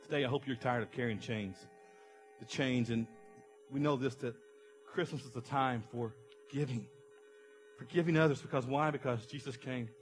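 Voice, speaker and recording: A man's voice: mid-range voice, moderate pace, long pauses, soft background music. A middle-aged man preaching a passionate sermon as a pastor, acting out an illustration with someone from the congregation.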